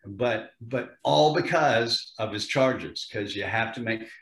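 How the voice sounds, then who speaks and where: An older actor telling animated stories in a casual interview, often repeating words as he starts a sentence. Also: medium pitch, slow pace. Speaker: actor guest. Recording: roomy echo.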